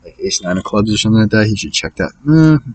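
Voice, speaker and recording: The audio is poor as a man with a lowish, a little mellow voice talks fast with lively intonation. Streaming his online poker, he casually thinks out loud about his hands, mumbling reads and swearing in frustration at opponents' moves.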